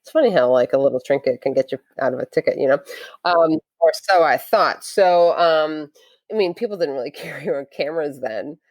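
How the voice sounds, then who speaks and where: Woman with a low voice on a podcast, lively storyteller, dry close sound. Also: fairly quick, no room sound. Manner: lively storyteller acting out quotes. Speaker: podcast guest. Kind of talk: casual storytelling interview.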